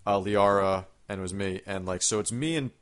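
A man's voice: on the low side, brisk, a bit bright. A man in casual gaming chat, rambling with lots of fillers and the odd swear word. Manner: rambling, lots of fillers and swearing, laughs at his own stories.

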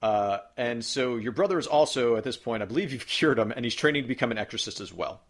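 A man's voice: mid-range voice, fast. Rambling enthusiastic man, casual game chat. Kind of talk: casual chat about video games.

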